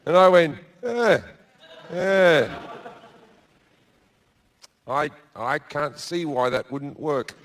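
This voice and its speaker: A man's voice: fairly high pitch, measured pace, few pauses, fairly bright tone. A middle-aged man doing stand-up comedy, telling a crude story bluntly with lots of swearing, on a club stage with a handheld mic. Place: comedy club stage before a live audience.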